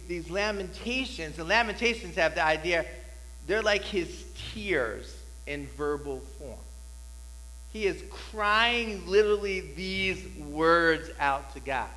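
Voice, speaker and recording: Bright-voiced male pastor preaching in a hall. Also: high voice. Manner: conversational preaching, rising to loud repeated cries. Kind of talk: sermon.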